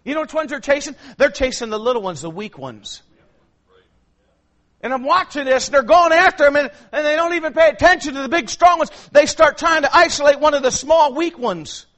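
A male pastor, preaching a sermon that swings from shouted passages to low, quiet storytelling. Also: brisk.

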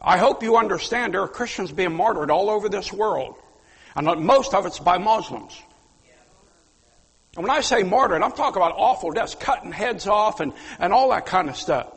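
A man preaching a sermon, fiery and emphatic, with sudden loud outbursts. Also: high-pitched, expressive, moderate pace, husky, in a large hall. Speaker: pastor.

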